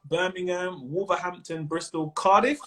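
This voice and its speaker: Here a comedian with a London accent joins a video call for a laid-back, slang-heavy chat, cracking jokes and laughing a lot. His voice sits high, pushed and bright, with a steady tone at a moderate pace.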